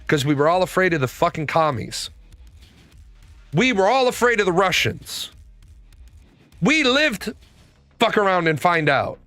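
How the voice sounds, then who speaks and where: A man in his forties talks on a live stream in a loose, profane rant, full of stories. His voice sits high and bright, and faint music plays behind him. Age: 40s. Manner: profane, animated storytelling. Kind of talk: ranting casual talk.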